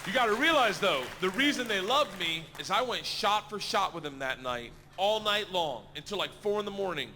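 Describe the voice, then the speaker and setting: A man telling a rowdy stand-up story on stage, shouting his punchlines. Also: sits high, lively intonation, normal speed, hardly any pauses, some chatter behind. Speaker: stand-up comedian. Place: stage before a live audience. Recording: reverberant theater recording with noise.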